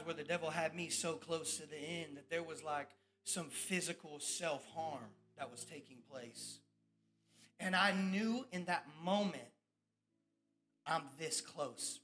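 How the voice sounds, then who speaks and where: High, bright-voiced man preaching testimony. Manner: swings between loud bursts and hushed, low confessions; storytelling with acted-out quoted voices. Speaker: preacher giving his testimony. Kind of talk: sermon testimony.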